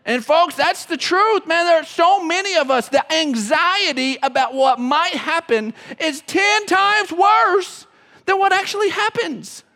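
A man preaching a sermon as pastor, emotional, swinging from loud to hushed. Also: very high-pitched, lively intonation, unhurried, few pauses. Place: church sanctuary. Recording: long reverb of a church hall.

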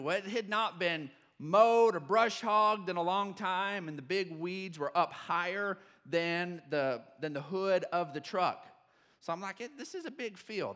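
High-voiced man preaching a sermon. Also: in a large hall. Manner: storytelling with many restarts and fillers, rising to shouts on key points. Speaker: pastor. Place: church sanctuary.

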